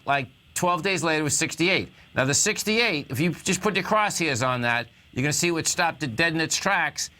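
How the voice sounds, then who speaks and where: A man's voice: fairly high pitch, pushed and bright. A male talk radio host giving casual, rambling stock market commentary.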